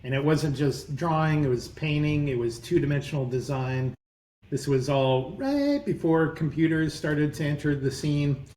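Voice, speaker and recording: A man in his fifties telling rambling, animated stories as a podcast guest. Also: a little high, normal speed, reverberant, a little hiss or hum, poor audio. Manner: rambling, animated, self-correcting anecdotes. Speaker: guest entrepreneur. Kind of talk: conversational interview storytelling.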